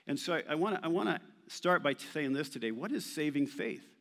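A male pastor delivering an animated sermon, emphatic and sometimes playful, quoting scripture with rising force. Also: a little high, a little fast. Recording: long reverb of a large hall.

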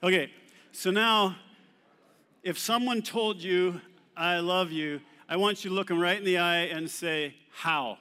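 A man's voice: high-pitched, steady tone, measured pace, bright, forceful tone, clear, resonant tone. A man preaching a sermon to a congregation, asking them questions and having them answer back. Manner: call-and-response questions to the congregation. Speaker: pastor. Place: church hall. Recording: long hall reverb.

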